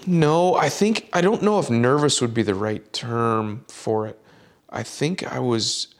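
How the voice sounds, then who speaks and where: Gravelly-voiced man telling a story. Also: mid-range voice, measured pace. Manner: animated storyteller, acts out quotes. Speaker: caddie. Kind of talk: storytelling on a podcast.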